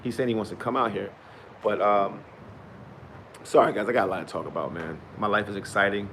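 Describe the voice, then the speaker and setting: A middle-aged man vlogging in a casual, rambling way, swinging from loud preachy bursts to quiet, mumbled reflection. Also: fairly low pitch, fairly even intonation, fairly quick, slight background noise.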